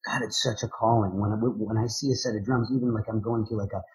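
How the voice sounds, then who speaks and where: A man, a drummer and motivational speaker, answering interview questions in an energetic, enthusiastic way. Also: on the low side, fast talker, husky, low-quality recording.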